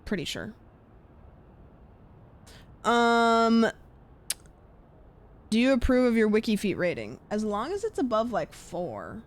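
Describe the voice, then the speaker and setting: A woman's voice: on the high side, big pitch swings, takes it slowly, long pauses. Rambling young woman streamer. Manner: rambling, filler-heavy, trailing off quietly. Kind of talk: casual chat while gaming.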